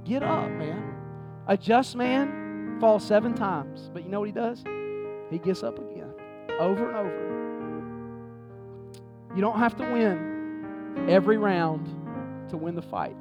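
A man preaching a sermon to his congregation, moving from hushed pleading to fervent exhortation. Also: high voice, moderate pace, long pauses, lo-fi sound. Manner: repetitive preacher cadence, addresses the congregation directly. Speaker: pastor. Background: music.

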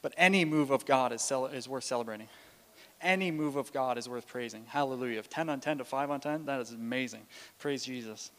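A man's voice: mid-range voice, a little fast, a bit bright. A man giving a sermon, telling stories in a casual way with fillers and restarts. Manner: storytelling with frequent restarts and fillers. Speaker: preacher. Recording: long hall reverb.

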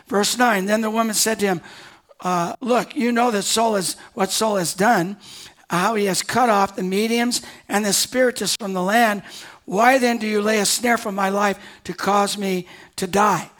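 A man's voice: high-pitched, fairly bright tone. A male pastor preaching a sermon, reading scripture and breaking into conversational asides with sudden emphatic rises.

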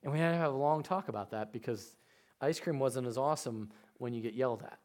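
A man, preaching a sermon with animated storytelling that swings from quiet to loud. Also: mid-range voice, fast. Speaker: pastor.

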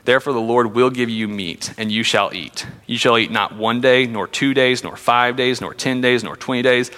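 A man's voice: fairly low pitch, sharp tone, in a large hall. A man teaching from the Bible in a conversational sermon, reading passages aloud with frequent fillers.

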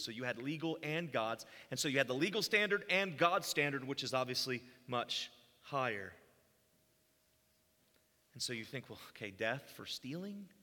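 A man's voice: a little high, pushed and bright. A man preaching a sermon, walking through a Bible passage and voicing the quoted speech with rising intensity. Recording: long hall reverb.

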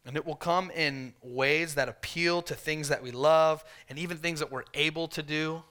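Bright-voiced male pastor preaching. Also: fairly even intonation, normal speed. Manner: conversational preaching, voicing the tempter in soft low tones. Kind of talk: sermon.

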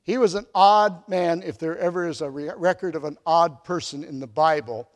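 Male pastor, high voice, storytelling sermon with swings between loud and soft, long hall reverb. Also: normal speed. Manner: storytelling, acts out the quoted dialogue with big swings in loudness.

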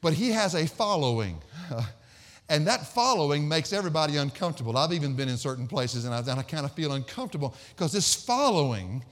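A man's voice: on the high side, very animated, a little fast, big-room sound. A man preaching an expository sermon, emphatic and storytelling, repeating phrases for stress.

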